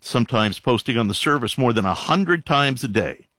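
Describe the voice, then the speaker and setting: A man reads news aloud in a lively, swooping voice, stopping often to add sarcastic, exasperated remarks and heavy sighs. His pitch sits mid-range for a man. The sound is dry and close, with almost no room around it. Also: moderate pace, no echo. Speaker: commentator reading news. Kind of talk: reading news aloud with commentary.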